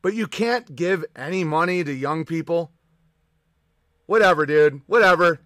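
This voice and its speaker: Male streamer, high pitch, dry close sound; profane, combative, sarcastic ranting. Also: a little slow, fairly bright tone, dry recording. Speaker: livestream host. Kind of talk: ranting live-stream chat.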